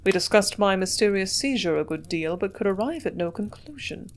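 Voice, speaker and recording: A woman narrating a classic novel in a measured, steady way, at an ordinary middle pitch. Her reading is even and unhurried, suited to a long audiobook chapter. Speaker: audiobook reader.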